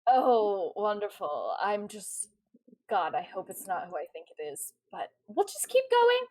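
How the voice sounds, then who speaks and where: A weary female sea captain forces out sarcastic courtesies, as a woman game master acts her out. She sounds hushed and subdued. Every pleasantry comes out dry and reluctant. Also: fairly high pitch, expressive, slow, dry recording, poor audio. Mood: grudging. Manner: tired, grudging politeness.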